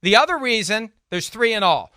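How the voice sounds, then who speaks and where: A man co-hosting a casual football show, delivering stats and picks in a wry, deadpan manner. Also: sits high, moderate pace, dry recording, studio quality. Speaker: co-host, football reporter. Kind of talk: casual sports chat.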